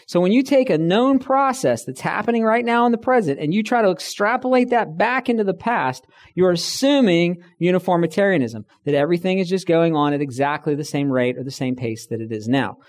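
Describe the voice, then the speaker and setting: A middle-aged man talks conversationally to a room in a high, brisk voice with hardly any pauses. He tells stories, acts out the people he quotes, and mentions that he's tired.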